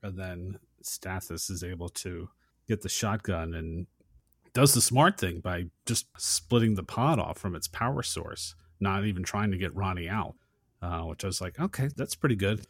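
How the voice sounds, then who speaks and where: Low-voiced man chatting casually, dry sound. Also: a little slow, dry recording. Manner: casual, reacts by voicing his own thoughts, speeds up when excited. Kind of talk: casual chat.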